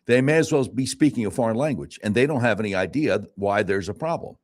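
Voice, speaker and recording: A male talk radio host who reads the news aloud with sarcastic asides and then tells his own stories in an animated, emphatic way. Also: on the low side, fast. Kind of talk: casual talk radio commentary. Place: radio studio.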